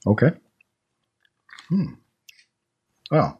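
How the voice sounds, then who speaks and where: A man's voice: mid-range voice, wildly swooping pitch, drawn-out words, a little mellow, dull audio, slight background noise. A man hosting a casual chat, thinking aloud and musing with fillers as he tastes snacks. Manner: chatty, thinks aloud with fillers while eating. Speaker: podcast host tasting snacks.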